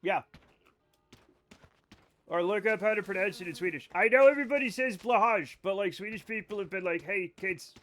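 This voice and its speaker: A man chatting live with his viewers while he plays. His voice sits high, and he rambles from one joke to the next, often mocking himself. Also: normal speed, fairly bright tone, faint music behind. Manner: rambling, joking, playfully self-mocking. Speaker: live streamer. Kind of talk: casual gameplay chat with viewers.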